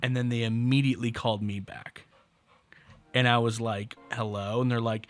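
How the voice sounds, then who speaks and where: A man's voice: mid-range voice, normal speed, faint music behind. A man co-hosting a podcast, telling stories in casual chat with wry asides. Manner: chatty storyteller, wry asides. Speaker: podcast co-host.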